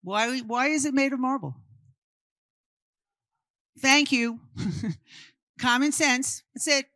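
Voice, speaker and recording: Firing off questions and then answering them, a Brooklyn, New York woman leads a live group through an interactive art history talk. Her voice sits high and is bright and forceful, delivered slowly with no echo.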